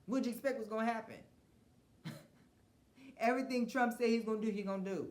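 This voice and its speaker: A podcast host with a high voice delivers a blunt, profane political rant fairly quickly, with frequent mocking laughs and stumbling restarts. The recording has a roomy echo.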